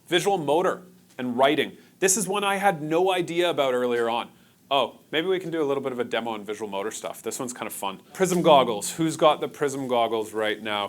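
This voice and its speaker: A man presenting a workshop to a live audience in a conference room, talking casually and joking with the crowd. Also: medium pitch. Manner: casual, engaging, jokes with the audience.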